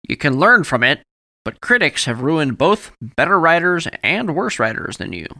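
A man's voice: a little high, sing-song, normal speed, sharp tone, pitched above the performer's own voice, heavily acted. A man voicing a nervous, fretful middle-aged male editor who talks anxiously in a raised, pleading voice. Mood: earnest. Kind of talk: audiobook character voice.

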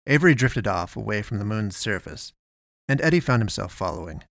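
Male audiobook narrator, deep with vocal fry, dry close mic. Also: a bit bright, no echo.

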